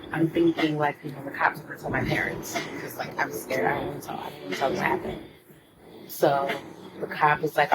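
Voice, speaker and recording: Young woman, low register, quiet halting vlog storytelling with whispered stretches, audible background noise. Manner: soft-spoken and halting, often dropping to a near whisper. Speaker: vlogger. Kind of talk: casual storytime monologue.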